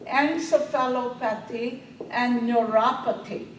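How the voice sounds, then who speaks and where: A nursing exam instructor with a voice on the high side lectures a review class slowly and emphatically, pressing each point home. She keeps quizzing her students, asking questions repeatedly and answering them herself. She's far from the mic in an echoey classroom, with faint room noise behind her.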